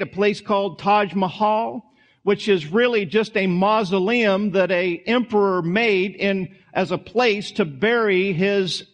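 A man preaches to his congregation. His delivery is conversational and folksy, full of small asides and restarts, as if he is thinking aloud from the pulpit. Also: high-pitched. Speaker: pastor. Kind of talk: sermon.

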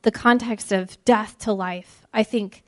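A woman giving a devotional sermon in an earnest manner, slowing to stress key words. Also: medium pitch, steady tone. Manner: earnest, with emphatic slow pauses. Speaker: ministry speaker.

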